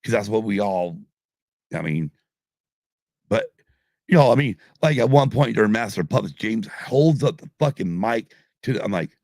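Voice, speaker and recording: A man's voice: fairly low pitch, expressive, moderate pace, creaky, darkish tone, no echo, studio quality. A middle-aged man hosting a podcast live stream, rambling and swearing constantly while drinking. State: drinking, tipsy. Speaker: podcast host. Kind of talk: casual live-stream chat.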